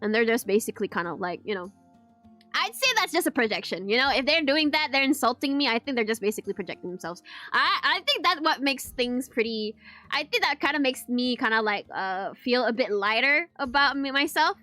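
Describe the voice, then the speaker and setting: A woman's voice: on the high side, lively intonation, brisk, sharp tone, faint music behind. A woman, chatting casually as a VTuber answering viewer questions, giggling often and rambling with restarts and Malay words mixed in. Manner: giggly, laughs often between sentences. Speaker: VTuber streamer. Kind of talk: casual Q&A chat.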